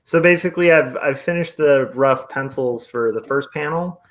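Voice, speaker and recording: A man's voice: medium pitch, normal speed. Upbeat man in casual podcast chat. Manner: upbeat, thinking aloud with fillers. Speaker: podcast co-host and artist.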